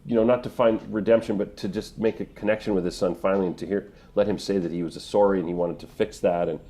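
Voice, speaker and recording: A middle-aged man, a voice actor, answering interview questions in an earnest, emotional way, often pausing and restarting. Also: sits low, steady tone, warm tone. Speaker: voice actor guest.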